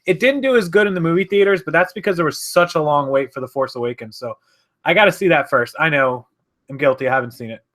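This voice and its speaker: A man chats on a live stream from his home office, rambling loosely and correcting himself as he reads out comments. His voice is bright and forceful, sitting slightly above the usual male pitch. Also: fast. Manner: rambling, chatty, self-correcting. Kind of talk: casual live-stream chat, reading viewer comments.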